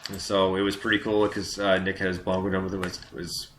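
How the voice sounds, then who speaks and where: A man's voice: deep voice, level tone, brisk, a bit bright. A man hosting a casual interview, rambling with many restarts and fillers while talking about bands he knows. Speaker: interview host. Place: music venue. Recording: echoey room with faint noise.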